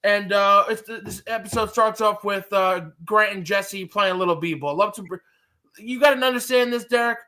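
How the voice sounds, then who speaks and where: A young man co-hosting a casual reality-TV recap, blunt and profane, ranting with animated energy. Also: high-pitched, normal speed. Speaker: podcast co-host.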